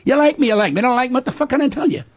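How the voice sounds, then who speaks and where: A man's voice: extremely high pitch, rapid-fire. An older man telling stories as a guest on a radio talk show, blunt and full of swearing. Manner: profane, blunt, animated storytelling. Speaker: comedian guest. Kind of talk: casual radio chat.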